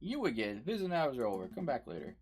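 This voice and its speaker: A man's voice: mid-range voice, very animated, fast talker, darkish tone, faint music behind, lightly acted. A man voicing a weary, grumbling male bird jail guard.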